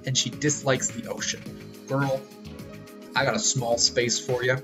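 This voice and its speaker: A man's voice: mid-range voice, unhurried. A man giving jokey, crude live commentary while streaming a video game. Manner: jokey, crude, animated reactions. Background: game music.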